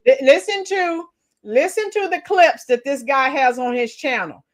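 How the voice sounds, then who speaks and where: A woman hosting a live stream, mocking her subjects and chatting with viewers in an animated way. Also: sits high, a little slow. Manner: mocking, animated, talks to chat. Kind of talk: casual live-stream chat.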